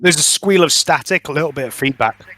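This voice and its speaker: A man's voice: a little high, bright, forceful tone. A man running a tabletop role-playing game, jokey and teasing with his players. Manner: jokey, teasing, quick to laugh. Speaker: game master. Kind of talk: casual tabletop game narration.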